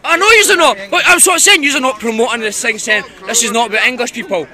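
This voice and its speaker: A man shouting and swearing as he argues with street campaigners, recorded outdoors on a city street on a hand-held phone. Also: very high voice, fast, a crowd in the background. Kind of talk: heated street argument. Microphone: phone camera held by the speaker.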